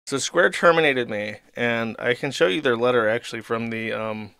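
An irritated man rants to his audience, swearing freely and getting sarcastic as he tells a story. His voice is smooth and clear, at an ordinary pitch for a man. The sound is dry and close, with no room around it. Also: moderate pace, pushed and bright, no echo. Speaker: streamer host. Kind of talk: casual ranting monologue.

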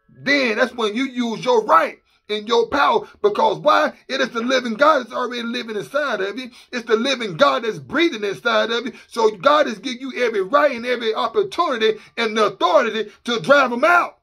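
A man preaching a fervent sermon as a minister, emphatic and repetitive, sometimes rising to shouts. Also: extremely high pitch, fairly quick, vocal fry, breathy edge, soft background music.

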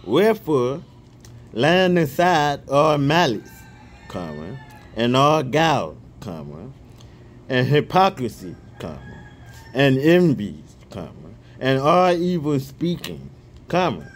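A man praying fervently and reading scripture aloud outdoors, excitable and stumbling over repeated words, speaking each punctuation mark aloud. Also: mid-range voice, takes it slowly, a little hiss or hum. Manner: reads punctuation marks aloud. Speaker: online Bible reader.

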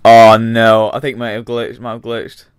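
A man's voice: mid-range voice, monotone, normal speed, clean tone, no room sound, studio quality. A young British man giving let's-play commentary, chatty and talking back to the game characters. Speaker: gamer.

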